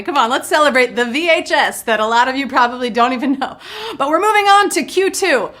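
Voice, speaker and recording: A woman's voice: sits high, a bit bright. A young woman hosting a live trivia game show, bubbly and full of playful puns. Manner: bubbly, punny, playful banter.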